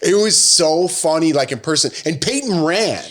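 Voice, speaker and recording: A man's voice: a little high, animated, moderate pace, background noise. Laid-back man joking through a story. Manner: laid-back, jokey, acts out quotes with a raised voice. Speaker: podcast co-host. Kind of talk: casual chat.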